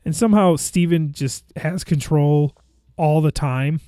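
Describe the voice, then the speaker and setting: Somewhat high-voiced man chatting. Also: measured pace, dry recording. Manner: relaxed, rambling, with restarts and dry jokes. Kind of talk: casual chat.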